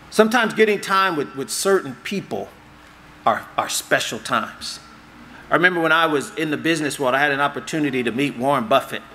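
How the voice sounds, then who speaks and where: A man preaching a sermon as pastor, conversational and animated, acting out little dialogues for the congregation. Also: a little high, a little hiss or hum. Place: church hall.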